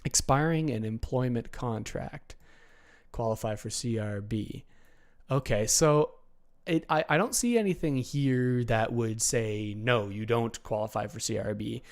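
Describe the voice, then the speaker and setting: A man hosts a relaxed livestream Q&A from his computer and answers viewers as he goes. He thinks aloud, breaks off and restarts his sentences, and fills the gaps with "uh" and "um". His voice sits in a middle pitch. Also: measured pace. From Canada. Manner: chatty, thinking aloud with many fillers and restarts. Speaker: channel host answering viewer questions. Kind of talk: casual livestream Q&A.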